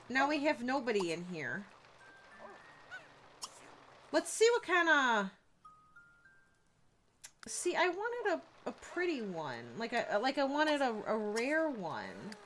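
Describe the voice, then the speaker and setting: A woman's voice: sits high, wildly swooping pitch, slow, long pauses, fairly bright tone, soft background music, low-quality recording. A young woman live-streaming a game, chatting casually, reacting to what happens on screen and answering her chat. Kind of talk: casual gameplay commentary.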